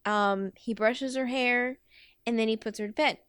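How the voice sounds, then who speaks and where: A woman's voice: fairly high pitch, steady tone, moderate pace, fairly bright tone, smooth, no room sound. A woman podcast host telling a rambling comic story with lots of fillers. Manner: rambling, filler-heavy, giggly.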